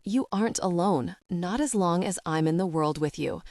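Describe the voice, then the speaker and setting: A woman voicing a tender, protective grown man who speaks in soft, soothing reassurances. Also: fairly low pitch, normal speed, no echo, studio quality, natural voice.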